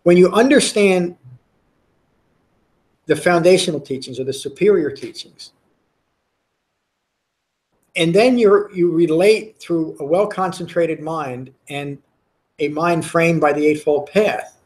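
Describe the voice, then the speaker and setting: A man's voice: a little high, slow pace, long pauses, a little mellow. A man giving a Dhamma talk to a meditation class, earnest and emphatic, often repeating words and restarting phrases. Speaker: meditation teacher. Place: meditation center.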